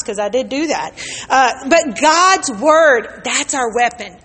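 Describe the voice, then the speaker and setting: Bright-voiced woman preaching in a hall. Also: sits high, animated, unhurried. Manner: call-and-response preaching, storytelling with acted quotes. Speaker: pastor. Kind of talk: sermon. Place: church sanctuary with congregation.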